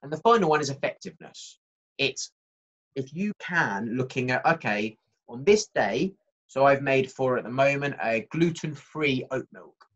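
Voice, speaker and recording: Lively man presenting a workshop, muffled sound. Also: mid-range voice, normal speed. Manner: lively, conversational, talks straight to the audience.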